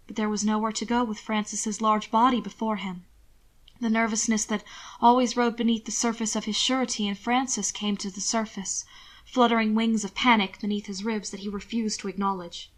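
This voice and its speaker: Woman narrating a novel softly. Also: medium pitch, fairly even intonation, normal speed. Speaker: audiobook narrator.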